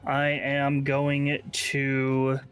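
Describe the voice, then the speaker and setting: A man's voice: mid-range voice, monotone, very slow, fairly bright tone, clean tone, soft background music. A man playing a tabletop game, explaining his rolls casually with a lot of swearing, "like" and "uh". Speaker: player.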